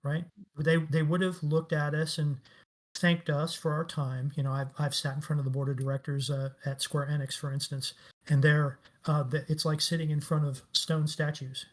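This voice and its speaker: A man's voice: fairly high pitch, little pitch movement, moderate pace. A middle-aged man talking as a guest in a casual interview, telling stories enthusiastically and with emphasis. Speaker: guest, game industry veteran.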